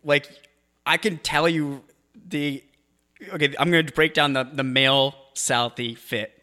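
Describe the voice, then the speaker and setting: A young man in casual comedic banter as co-host, speaking in a laid-back, halting way that often trails off. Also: on the high side, fairly even intonation, sharp tone.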